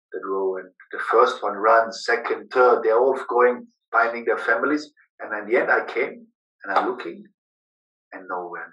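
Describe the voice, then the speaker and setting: Man telling his story in halting English. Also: medium pitch, sharp tone, far from the mic. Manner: emotional, halting, with broken English grammar. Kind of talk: personal storytelling. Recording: echoey room, voice away from the mic.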